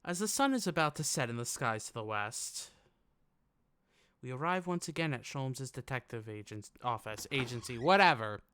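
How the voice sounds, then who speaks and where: A man's voice: mid-range voice, animated, moderate pace, fairly bright tone, clean tone. A man co-hosting a game let's play, reading narration and joking in a wry, playful way. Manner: wry, playful, reads narration in first person.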